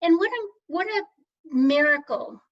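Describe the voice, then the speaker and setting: An older woman giving a reflective camp vespers talk, telling a story gently and conversationally with many fillers. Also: extremely high pitch, expressive, measured pace. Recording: dull lo-fi recording.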